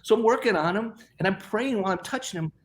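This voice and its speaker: Man, middle-aged, fairly high voice, rambling, repeats words, interview guest telling a story. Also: expressive, quick pace. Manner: rambling, repeats words, quotes others in his own voice. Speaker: guest, health practitioner.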